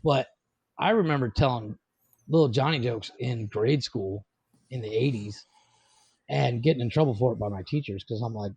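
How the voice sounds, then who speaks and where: A man's voice: medium pitch, moderate pace, darkish tone, husky, no echo, muffled recording. A man in his forties co-hosting a casual podcast, telling profane jokes and laughing at his own punchlines. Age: 40s. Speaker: podcast co-host. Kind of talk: casual crude joke-telling chat.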